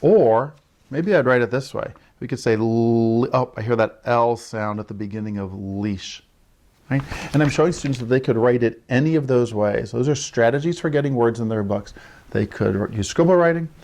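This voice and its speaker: A man explains early writing to parents as an early childhood literacy educator, giving instructional talk with frequent "right?" check-ins and modeled lines for children. His mid-range voice is a little mellow, with lively intonation, at a normal speed.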